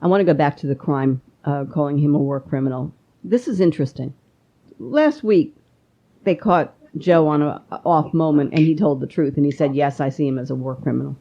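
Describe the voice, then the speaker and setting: A woman hosting a political interview podcast, talking in an animated, opinionated way. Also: sits low, moderate pace, muffled recording. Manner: animated, opinionated, rising to exclamation. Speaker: podcast host.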